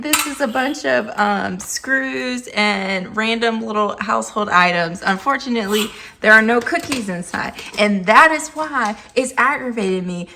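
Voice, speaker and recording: A woman's voice: a little high, creaky, bright, forceful tone, slight background noise. A woman chatting casually to camera as she reviews a scented candle, emphatic and playful. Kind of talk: casual vlog chat.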